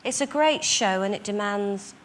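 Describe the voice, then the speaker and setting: A woman with a Northern English accent chats as a talk show guest, pausing and restarting often as she thinks. Her voice sits mid-range in pitch. Faint noise hangs under the studio recording. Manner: hesitant, thoughtful, many fillers and restarts. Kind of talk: casual chat.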